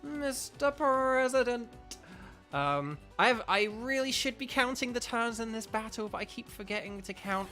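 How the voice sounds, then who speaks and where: A man's voice: high-pitched, moderate pace, few pauses, sharp tone, soft background music. A young man chatting casually with his stream viewers while playing a game, rambling with lots of fillers. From United Kingdom. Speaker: gaming streamer.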